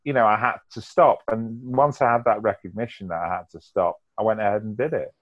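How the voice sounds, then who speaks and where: A man's voice: fairly low pitch, brisk. A middle-aged man speaking frankly and reflectively in casual conversation. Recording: dull lo-fi sound.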